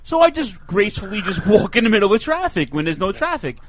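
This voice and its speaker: A man from New York hosting a talk show, telling stories in an animated, joking way. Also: high-pitched, fast, a little hiss or hum. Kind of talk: casual chat.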